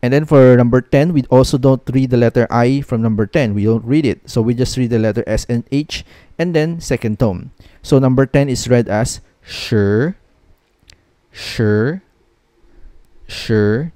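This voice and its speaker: A man's voice: medium pitch, brisk, warm tone, no room sound, clean studio sound. A man teaching a language lesson, patiently repeating each word three times.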